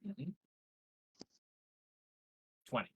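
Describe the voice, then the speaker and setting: A man's voice: drawn-out words, bright, forceful tone, poor audio. A man playing in a tabletop game, talking casually out of character to the game master. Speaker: player.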